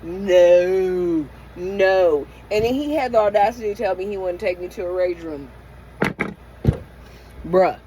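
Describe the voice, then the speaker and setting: A woman's voice: medium pitch, normal speed, pauses often, background noise. A middle-aged woman in a candid late-night vlog rant from inside her van, venting emotionally and profanely with many restarts. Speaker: van-life vlogger.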